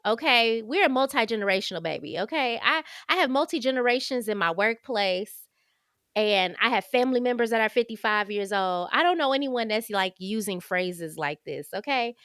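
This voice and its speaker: A woman's voice: on the high side, fairly bright tone, no echo, clean studio sound. A woman hosting a podcast, chatting candidly about books and calling her listeners y'all. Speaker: podcast host. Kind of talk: casual book review chat.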